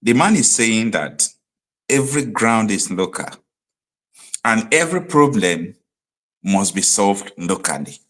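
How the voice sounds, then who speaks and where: Animated Nigerian stream host, low voice. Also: male voice, measured pace, long pauses, slight background noise. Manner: animated, rising to emphatic outbursts. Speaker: online show host. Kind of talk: live stream commentary.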